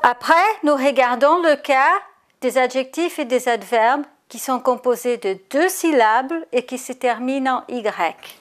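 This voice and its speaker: A woman teaching an English grammar lesson, explaining each point in French and then repeating it in English, slowing down on the example words. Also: sits high. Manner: slows down to spell out example words. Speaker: language teacher.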